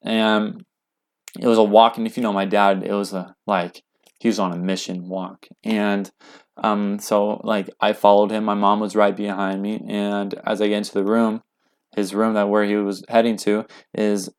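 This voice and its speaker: Young male guest, slightly low voice, earnest, halting delivery with many fillers. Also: little pitch movement, clean tone. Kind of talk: casual spoken storytelling.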